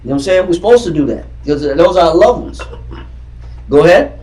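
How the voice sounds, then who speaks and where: A man's voice: a little high, animated, fairly quick, a little mellow. A man teaching a Bible class in a classroom, fervent and repetitive, quizzing his readers as he goes. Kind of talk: emphatic scripture teaching. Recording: roomy classroom from far off.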